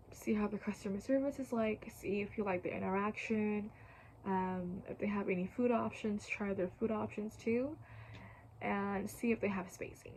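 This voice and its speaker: A young woman in a casual how-to vlog, talking in a chatty, filler-heavy way that often drops to a soft whisper, a little out of breath. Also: medium pitch, slight background noise, rough recording. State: slightly out of breath. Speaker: YouTuber.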